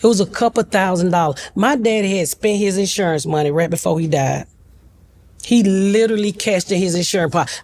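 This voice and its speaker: A woman's voice: medium pitch, expressive, a little fast, darkish tone. A middle-aged woman, a talk-show guest telling a family story bluntly and animatedly, with comic asides.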